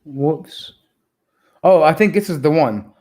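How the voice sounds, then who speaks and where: A man's voice: on the high side, expressive, slow, darkish tone. A man hosting a live reaction stream, talking casually with a mocking, rambling manner and many fillers. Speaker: reaction video host.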